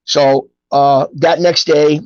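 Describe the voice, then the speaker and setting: A middle-aged man tells stories from his life in a casual, animated way and acts out the voices of people he quotes. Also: fairly high pitch, slow pace, no echo, dull audio. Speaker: guest telling his life story. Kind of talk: casual storytelling.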